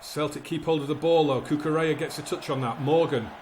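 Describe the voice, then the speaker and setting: A man calls the action of a football management game in an excitable commentary style, rising sharply when things go well and sinking when they don't. His voice sits a little higher than most men's. There is a faint ambient hum behind him. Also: fast talker. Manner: excitable, commentates like a match caller, frets aloud. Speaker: gaming YouTuber playing a football management game.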